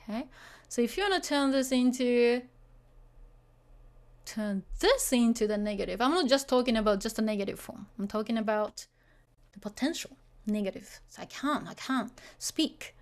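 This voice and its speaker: A woman's voice: a little high, animated, normal speed. A woman teaching a beginner Japanese lesson, chatty and full of fillers, often checking that the learners follow.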